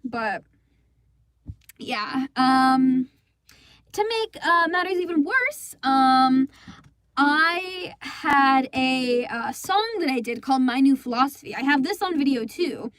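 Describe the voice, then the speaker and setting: A woman's voice: high-pitched, lively intonation, takes it slowly, a bit bright, exaggerated voice. A woman voicing an indignant teenage girl who rambles through a story, exasperated and swearing freely, for a fan comic dub. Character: indignant teenage girl recounting a school play disaster.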